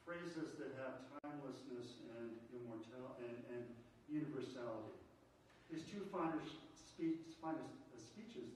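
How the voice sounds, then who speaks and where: A baritone man lectures in a large, echoing hall, picked up from a distance with a faint hum behind him. He stops and restarts often, then lifts his voice for recited passages. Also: a little mellow. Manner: halting, many restarts and fillers, lifts voice when reciting. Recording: roomy hall sound from a distant mic.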